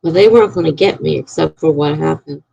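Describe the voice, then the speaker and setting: A woman's voice: low voice, fast talker, creaky, dark tone, husky, dry recording, highs cut off. A woman chatting casually on a live stream, telling a rambling story to her viewers and sounding tired.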